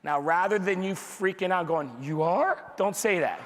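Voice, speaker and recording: A man giving an energetic motivational training talk to a live audience. He drives points home with repetition and rhetorical questions and acts out dialogue. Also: high-pitched, moderate pace, slight background noise. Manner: acts out dialogue in quoted voices. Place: large room with an audience. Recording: long hall reverb from a live event.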